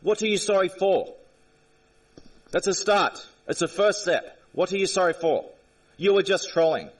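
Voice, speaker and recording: A man's voice: high voice, expressive, normal speed, far from the mic, poor audio. A man in an angry, confrontational rant at a chat viewer during a live stream, repeating himself and swearing.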